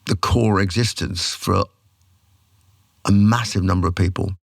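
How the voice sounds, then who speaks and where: A man, telling stories as a podcast guest in an animated, casual way. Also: deep voice, a little slow, gravelly, no room sound, clean studio sound. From England. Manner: animated storyteller, acts out quotes. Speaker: podcast guest, rock singer. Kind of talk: casual storytelling.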